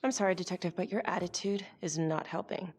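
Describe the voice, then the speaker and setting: An actress playing a composed female district attorney who asks calm, formal questions. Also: fairly low pitch, fairly quick, faint music behind, close to an everyday voice. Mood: probing.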